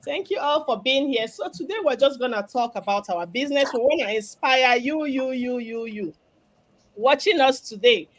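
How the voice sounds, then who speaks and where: A woman's voice: high-pitched, normal speed. Nigerian lady hosting a live business stream, has a cough, upbeat and salesy. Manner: upbeat, promotional. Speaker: host, business mentor. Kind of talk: live stream panel chat.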